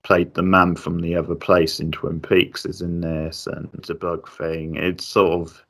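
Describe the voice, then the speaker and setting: Low-voiced guy rambling about a movie, lots of "sort of" and "like". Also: little pitch movement, measured pace, a bit bright. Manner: hesitant, lots of fillers and restarts. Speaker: film reviewer. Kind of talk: casual film chat.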